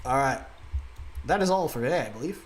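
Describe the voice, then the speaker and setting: A man's voice: medium pitch, animated, fast talker, over a noisy crowd. Male podcast host, casual and giggly, lots of ums and uhs. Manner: laughing, loose, filler-heavy. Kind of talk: casual chat.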